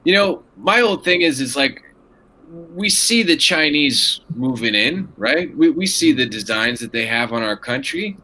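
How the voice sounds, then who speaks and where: A man's voice: medium pitch, lively intonation, moderate pace, bright, forceful tone. A man in a casual conversation who stammers and repeats words as he gets into his points.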